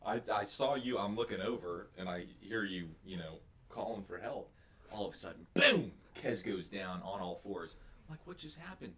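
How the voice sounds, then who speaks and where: A man's voice: low-pitched, normal speed. A young man co-hosting a podcast, talking in an earnest, encouraging way and sometimes reading scripture. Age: young adult. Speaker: podcast co-host.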